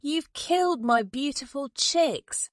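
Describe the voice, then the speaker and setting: A woman voicing a grieving, angry mother bird who talks high and slow, pleading and indignant. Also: lively intonation, a little mellow, no echo, clean studio sound.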